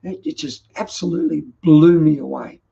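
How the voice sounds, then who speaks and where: A man's voice: fairly high pitch, moderate pace, creaky, mellow, lo-fi sound, slight background noise. A middle-aged Australian man telling personal stories as a vlog host, in an earnest, emotional and reflective way. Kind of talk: personal storytelling monologue.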